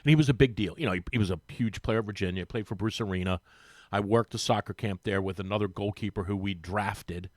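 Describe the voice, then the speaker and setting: A man chatting casually as a guest in a radio studio, telling animated stories with frequent restarts. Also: lowish voice, fast, dry recording. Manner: animated storyteller, mimics voices, lots of restarts. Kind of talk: casual sports radio chat. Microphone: studio microphone.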